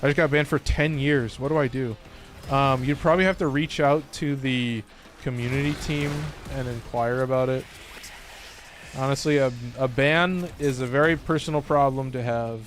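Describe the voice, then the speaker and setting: A man's voice: mid-range voice, steady tone, moderate pace, soft background music. A man live-streaming a video game, chatting casually with viewers, joking and laughing often. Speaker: gaming streamer.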